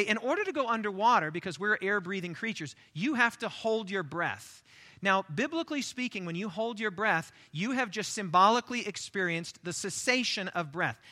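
A male pastor preaching a sermon, stressing his points by repeating key phrases and stumbling over quick restarts when he speaks off the cuff. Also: high-pitched, sharp tone.

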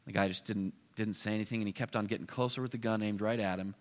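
A male preacher telling a story in a sermon. He swings between loud bursts and hushed asides. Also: on the low side, steady tone, fast, hardly any pauses. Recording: echoey hall.

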